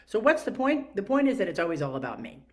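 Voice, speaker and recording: A woman's voice: medium pitch, big pitch swings, fast talker. A middle-aged woman with a New York accent, telling a reflective story with many fillers and self-questions. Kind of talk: reflective monologue.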